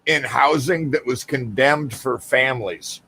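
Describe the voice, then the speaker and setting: A man's voice: mid-range voice, a little slow, pushed and bright, husky. A man co-hosting a casual chat, laughing often and restarting his sentences. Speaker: podcast co-host.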